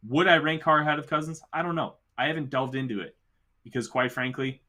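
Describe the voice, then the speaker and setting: A man's voice: fairly high pitch, a little fast, pushed and bright. A man hosting a casual sports talk show, giving emphatic, opinionated takes with the hiccups. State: has the hiccups. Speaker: podcast host.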